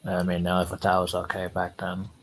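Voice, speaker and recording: A man's voice: deep voice, completely flat delivery, fast talker, slight background noise. A man in casual chat, giving short hesitant replies.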